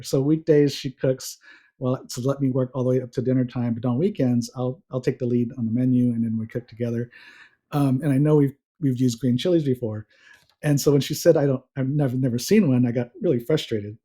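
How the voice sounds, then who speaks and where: A man telling a funny story about his marriage as a podcast guest, animated and laughing often. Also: mid-range voice. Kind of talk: casual storytelling.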